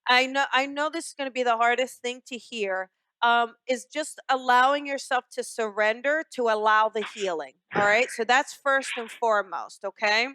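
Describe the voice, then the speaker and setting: A woman's voice: a little high, normal speed, sharp tone, clean tone, no echo. A woman hosting a radio call-in show as a psychic medium. She talks in a chatty, soothing way, with many fillers, and calls her callers "honey.".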